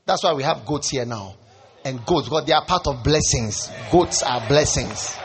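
A man pastor delivering a sermon, preaching with rising shouts and playful asides. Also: medium pitch, expressive, moderate pace.

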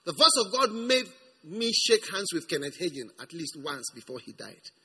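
Male pastor, sermon, sharp husky voice, very animated pitch, emphatic, repeats himself. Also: normal speed. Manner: emphatic, repeats words, swings from hushed to shouting.

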